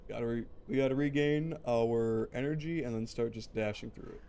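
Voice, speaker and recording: A young man talks through his game in a dry, joking way. His voice sits at an ordinary middle pitch, and he slips into mock-grand commands now and then. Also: normal speed, warm tone, slight background noise. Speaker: streamer. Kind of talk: casual gameplay commentary.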